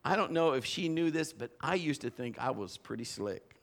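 A middle-aged man preaching a sermon in a church, telling stories and acting out the quotes in lively voices. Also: mid-range voice, normal speed, vocal fry. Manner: animated storytelling with acted-out quotes. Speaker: pastor.

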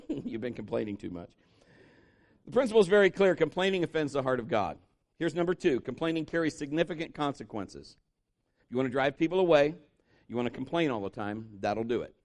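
A man preaching a sermon, telling jokes and stories and breaking into loud shouted impressions. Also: a little high. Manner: animated, jokey storytelling with shouted impressions. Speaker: pastor.

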